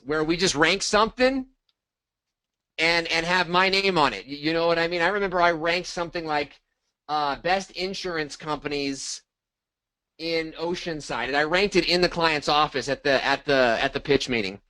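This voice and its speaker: Brief: middle-aged man, high voice, dry close sound, animated coaching. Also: no room sound, poor audio. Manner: animated, acts out sample dialogue. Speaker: co-host of a marketing training. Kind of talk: casual coaching talk.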